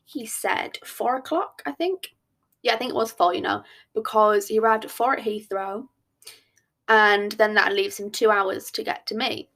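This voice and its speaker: Chatty woman with vocal fry. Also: mid-range voice, moderate pace. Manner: chatty, expressive, self-mocking storyteller. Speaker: podcast host. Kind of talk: casual storytime chat.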